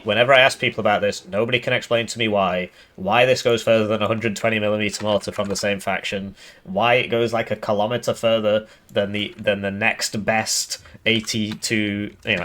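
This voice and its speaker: A man giving casual game commentary, sarcastic and rambling in a deadpan way. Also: fairly low pitch. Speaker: gaming YouTuber.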